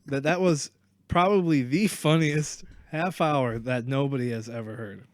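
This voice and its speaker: A man guests on a home podcast, laid back and agreeable, with a ready joke. His voice is mid-pitched and sounds close and dry. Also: a little slow, no echo. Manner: easygoing, agreeable, jokey. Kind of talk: casual chat. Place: room in a house.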